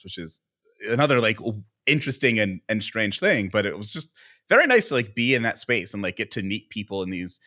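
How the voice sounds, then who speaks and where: Bright-voiced man telling rambling stories. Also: sits low. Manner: rambling, animated storytelling with many fillers. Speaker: podcast co-host. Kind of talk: casual panel chat.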